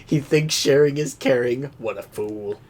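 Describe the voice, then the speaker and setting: A man's voice: medium pitch, unhurried, darkish tone. A man co-hosting a podcast, joking and laughing often in casual chat about anime. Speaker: podcast co-host.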